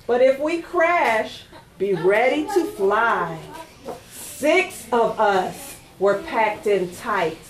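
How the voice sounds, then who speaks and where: A woman's voice: fairly high pitch, drawn-out words. A woman reading a picture book aloud at a library storytime, coaxing the children to join in. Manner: sing-song, animated, coaxing kids to join in. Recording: echoey room.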